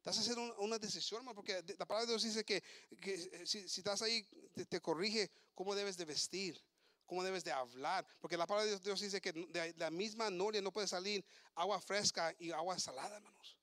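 A man with a high, ringing voice preaches a fast bilingual sermon, switching back and forth between English and Spanish. He trips over repeated words and builds to fervent shouting, recorded close and dry without room echo.

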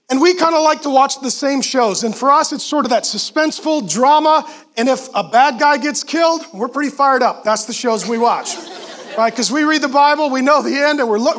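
A middle-aged male pastor preaching a sermon with animated storytelling and acted-out voices. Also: extremely high pitch.

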